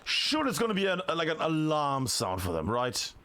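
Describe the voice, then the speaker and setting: A man casting a tactical shooter match solo, chatty and excitable, shouting on big plays. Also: fairly high pitch, moderate pace, a little hiss or hum. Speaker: esports caster. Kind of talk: solo play-by-play commentary.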